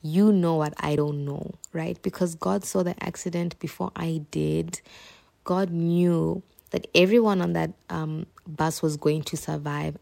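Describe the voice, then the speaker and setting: Low gravelly woman sharing a testimony. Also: warm tone. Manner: emotional storytelling, addresses listeners as "you guys". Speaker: podcast host. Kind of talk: personal testimony on a faith podcast.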